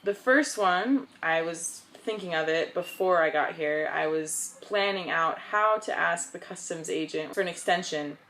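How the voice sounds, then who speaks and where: A young woman from the United States chatting casually in a vlog, bubbly and excitable. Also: fairly low pitch, unhurried, hardly any pauses, slight background noise. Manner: bubbly and excitable, with frequent laughs. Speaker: vlogger.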